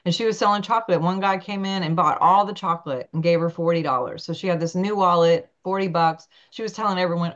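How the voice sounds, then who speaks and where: A woman's voice: fast talker, few pauses, muffled recording. A woman guest in an interview, telling personal stories animatedly and acting out the voices of the people in them. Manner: animated, acts out quotes with big pitch jumps. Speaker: guest, naturopathic doctor. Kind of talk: storytelling in an interview.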